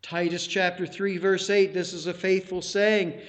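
A man's voice: high voice, little pitch movement, measured pace. A man preaching a sermon. He exhorts his listeners with direct questions and repeats key phrases for emphasis.

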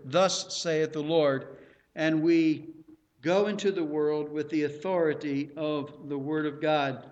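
A man preaching a sermon, emphatic and repeating key phrases for stress. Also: on the high side.

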